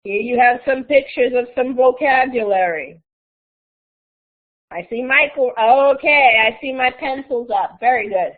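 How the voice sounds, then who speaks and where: A woman's voice: on the high side, unhurried. A woman teaching a live online Spanish class, explaining patiently step by step. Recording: tinny phone-like audio.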